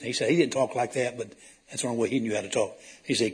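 A man's voice: fairly low pitch, fairly even intonation, quick pace, husky. A man preaching a sermon to his congregation in a folksy, storytelling way that rises to emphatic calls.

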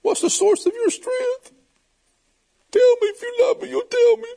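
A preacher putting on a high falsetto for a scheming, tearful woman who pleads and wheedles. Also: fairly even intonation, moderate pace, creaky, warm tone. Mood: pleading tearful.

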